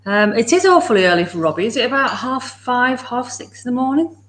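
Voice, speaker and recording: Slightly high and bright with big pitch swings, this woman talks a little fast on her morning livestream at home, over slight background noise. She greets viewers by name, laughs often and chats with her dogs.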